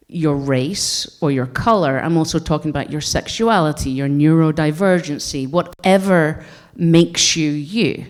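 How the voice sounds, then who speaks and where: A woman's voice: deep voice, a little mellow. A Scottish woman in her forties gives a conference talk to an audience in a blunt, wry, joking manner. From Scotland. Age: 40s. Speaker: conference speaker.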